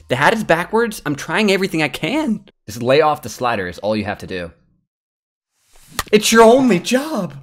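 Young guy streaming a game, crude trash talk, voice jumps all over from mutters to yells. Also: on the high side. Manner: excitable, crude trash-talking, yelling at the game. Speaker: gaming streamer. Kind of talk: live gameplay commentary.

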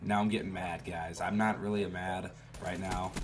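A man's voice: deep voice, flat delivery, normal speed, background noise. Trash-talking young man gaming. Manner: trash-talking, swearing, swings into loud outbursts. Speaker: gaming YouTuber. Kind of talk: gameplay commentary.

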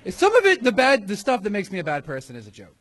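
A young man from Texas talks with a noticeable lisp, his voice sitting a bit high for a man. He answers questions hesitantly and rambles, poking fun at himself. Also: huge pitch swings, fast talker, a bit bright. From Houston, Texas. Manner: hesitant, rambling, self-deprecating. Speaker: comedian guest being interviewed. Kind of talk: casual live interview.

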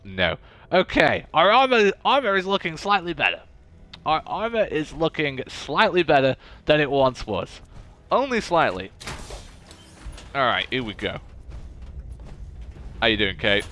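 A man's voice: fairly low pitch, sharp tone, clear, resonant tone. A man commentating a game playthrough in a chatty, jokey way, talking to the characters on screen. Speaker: gaming YouTuber. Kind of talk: let's play commentary.

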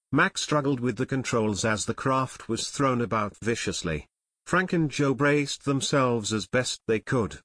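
A man narrating a children's mystery audiobook in measured storytelling. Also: mid-range voice, fairly bright tone, dry recording, clean studio sound. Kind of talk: scripted narration.

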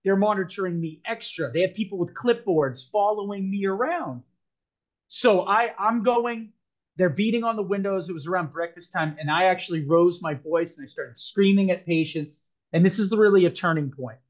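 A man's voice: high-pitched, moderate pace. A man as a podcast guest, earnestly telling a personal story, rambling with frequent restarts.

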